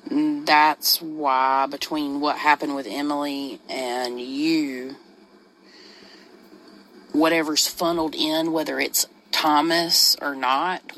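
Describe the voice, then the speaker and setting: A man's voice: fairly high pitch, pushed and bright, slight background noise, poor audio. A man explaining something earnestly in a casual conversation.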